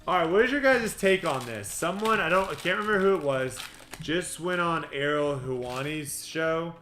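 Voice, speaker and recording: A man hosting a livestream card break, rattling off player names with quick joking asides. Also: fairly high pitch, animated, pushed and bright, slight background noise. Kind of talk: livestream card-opening patter. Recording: echoey room with music behind.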